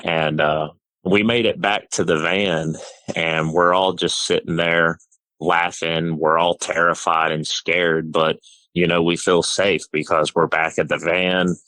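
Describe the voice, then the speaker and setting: A middle-aged man calling in to tell a personal story, halting and full of "you know" and "uh". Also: deep voice, level tone, sharp tone, dry recording, low-quality recording. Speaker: caller.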